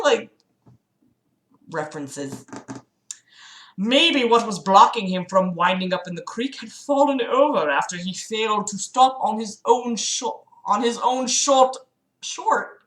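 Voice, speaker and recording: A woman reads a book aloud on her livestream, then cuts in with exasperated, sarcastic asides and plenty of swearing. Her voice is bright and forceful, and the room around her rings with echo. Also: sits high. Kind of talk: dramatic reading with mocking commentary. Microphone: streaming mic.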